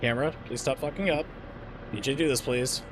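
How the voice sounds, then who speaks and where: A man's voice: mid-range voice, a little fast, noisy background. A man streaming a flight sim game, rambling and joking with lots of swearing. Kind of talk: casual gameplay streaming.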